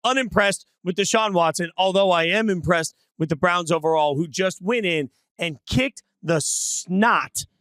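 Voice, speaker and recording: A man's voice: high-pitched, unhurried, hardly any pauses, a bit bright, clean tone, no room sound. A middle-aged man hosting a casual sports analysis chat, opinionated and brash in his calls. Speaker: sports show host.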